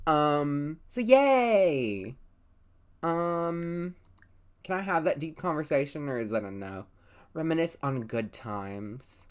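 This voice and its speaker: This let's play host has a deep, smooth voice with lively intonation and a slow delivery. Her gameplay talk is casual and wandering, profane, and packed with fillers such as "like" and "you know."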